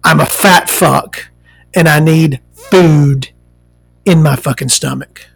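A woman hosting a casual talk show, ranting in a profane, animated, rambling way. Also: deep voice, takes it slowly, creaky, slightly rough.

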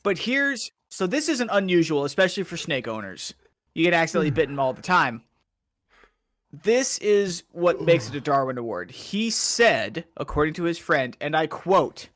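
Man, fairly high lively voice, dry mic, podcast co-host telling stories. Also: unhurried, pauses often, no room sound. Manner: animated storyteller, reads out news items. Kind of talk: casual podcast chat.

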